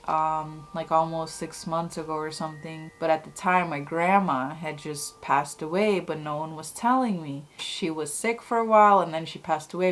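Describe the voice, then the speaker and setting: Chatty young woman vlogger, slightly low voice. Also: slight background noise. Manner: chatty, many "like"s and "oh my God"s. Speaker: YouTube vlogger. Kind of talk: casual storytelling to camera.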